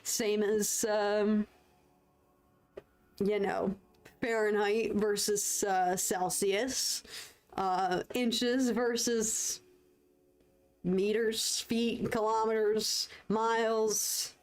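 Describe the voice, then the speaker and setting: Slow and frequently pausing, a young woman from the United States speaks in a slightly mellow, mid-range voice with fairly even intonation. As a livestreaming artist, she paints while casually chatting with viewers, laughing a lot and thanking those in chat.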